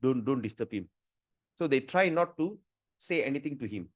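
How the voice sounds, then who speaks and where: A middle-aged spiritual teacher leads a scripture class over a video call, telling rambling stories and often repeating words and restarting phrases. His medium-pitched voice has lively intonation and a normal speed, with no echo.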